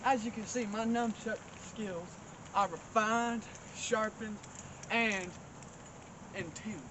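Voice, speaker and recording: Man, high voice, folksy deadpan comic host, loud noise behind. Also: takes it slowly. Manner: rambling, folksy, mock-boastful. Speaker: comedy show host. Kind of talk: deadpan comedic monologue. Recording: loud outdoor background noise.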